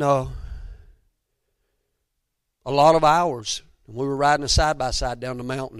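A middle-aged man from Georgia with a Southern accent, preaching in an emphatic, folksy storytelling style that drops at times to soft near-whispers. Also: medium pitch, no echo, studio quality. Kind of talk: sermon storytelling.

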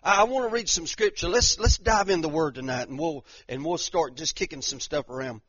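A man's voice: fairly high pitch, a little fast, fairly bright tone, slightly rough, no echo, muffled recording. A man preaching a sermon as pastor, impassioned, repeating phrases and restarting lines.

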